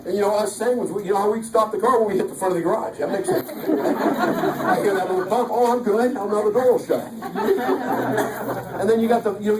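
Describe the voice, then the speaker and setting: A man giving an energetic, joking motivational talk at a live sales event, often acting out voices. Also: high voice, very noisy. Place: large hall. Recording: echoey hall from far off.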